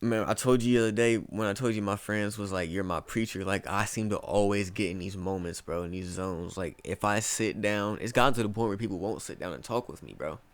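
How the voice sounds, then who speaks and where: A young man from Ohio in his twenties talks casually as an interview guest. His voice sits a little low, and he rambles through stories, dropping "bro" into nearly every sentence. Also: brisk, few pauses, clear, resonant tone. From Ohio, USA. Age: 20s. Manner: rambling storytelling, peppered with "bro".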